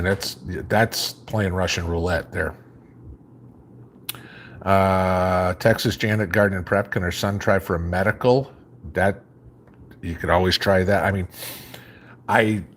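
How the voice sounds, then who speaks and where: A man with a very low voice and a faint Chicago accent hosts a live stream from home. He reads viewer comments aloud and answers them in a relaxed, rambling way. A faint hum sits under his voice. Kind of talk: casual live chat.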